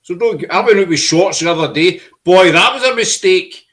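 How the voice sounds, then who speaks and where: A man's voice: high voice, animated, brisk, fairly bright tone, poor audio. A middle-aged man with a Glaswegian Scottish accent, hosting a casual chat and telling rambling stories full of restarts and local slang. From Scotland. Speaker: podcast host.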